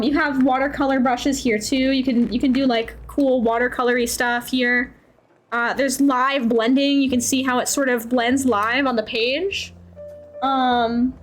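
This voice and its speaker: A woman streamer chatting casually and enthusiastically while demoing art software, often saying "dude.". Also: sits high. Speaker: streamer, host.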